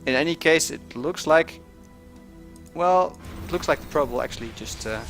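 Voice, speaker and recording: A man's voice: on the high side, expressive, moderate pace, creaky, a bit bright, soft background music. A man giving casual commentary on a strategy game match, with lots of fillers, restarts and small chuckles. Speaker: game caster.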